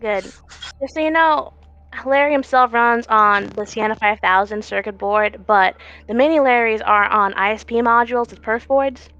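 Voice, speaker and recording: A woman's voice: a little high, normal speed, a bit bright, clear, resonant tone. A woman playing a tabletop role-playing game, brash, sweary and playful. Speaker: player. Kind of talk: casual tabletop game chat. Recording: dull lo-fi stream mic.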